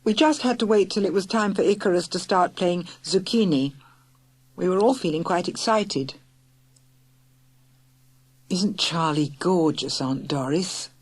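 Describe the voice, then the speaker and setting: A woman narrating a children's audiobook in a lively, clear storytelling manner. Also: mid-range voice, normal speed, no room sound. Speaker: audiobook reader.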